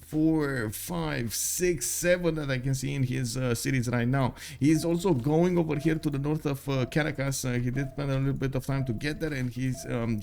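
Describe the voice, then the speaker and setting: A man's voice: mid-range voice, vocal fry, darkish tone. A man casting a strategy game live, chatting to viewers between plays with many fillers. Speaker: esports caster. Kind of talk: live game commentary with chat replies.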